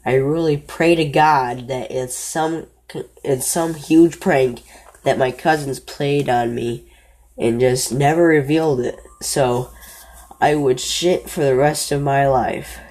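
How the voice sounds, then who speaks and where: Fairly even in intonation and darkish in tone, the woman slowly relays a first-person horror story in a restrained manner, pausing frequently for self-corrections.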